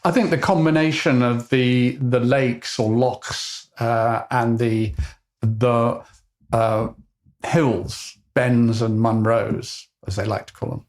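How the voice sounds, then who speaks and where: An older man with a Southern English accent, co-hosting a podcast in a relaxed chat, pausing often with ums and restarts. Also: mid-range voice. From England. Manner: hesitant, many ums and restarts. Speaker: podcast co-host, behaviour scientist. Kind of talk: casual conversational podcast.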